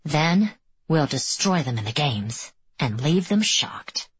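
Brief: cocky young male captain, low, dry and slightly dull audiobook sound , read by a woman. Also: very animated, takes it slowly, breathy edge, dry recording, exaggerated voice. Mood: assured. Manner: commanding, scheming.

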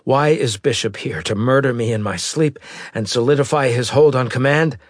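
A bedridden old admiral, gruff and stubborn, talking in a hoarse, breathy whisper, as a male narrator acts him out. The voice is deep, husky and close, with lively rises when he pushes back. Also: a little slow, dry recording, full character voice. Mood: indignant.

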